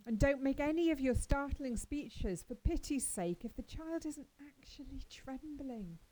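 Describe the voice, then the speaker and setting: A woman voicing a stern, practical older woman who scolds briskly in a storybook reading. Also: high-pitched, lively intonation, dark tone, voice pushed up, low-quality recording. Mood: brisk scolding.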